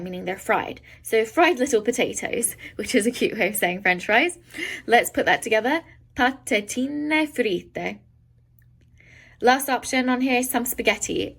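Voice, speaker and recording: A woman teaching a beginner Italian lesson, explaining words in English and sounding out each Italian word slowly and carefully. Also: fairly high pitch, fairly bright tone, rough recording. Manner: slow careful pronunciation of foreign words.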